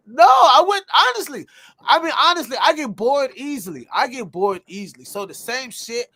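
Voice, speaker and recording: A man telling stories in a casual chat, animated and profane, laughing and acting out what people said. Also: very high-pitched, moderate pace. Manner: animated, laughing, loose and profane, acts out quotes. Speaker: podcast guest telling stories.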